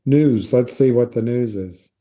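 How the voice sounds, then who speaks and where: A man's voice: mid-range voice, measured pace, warm tone. A man giving casual, skeptical commentary on investing, thinking aloud and reading from a website.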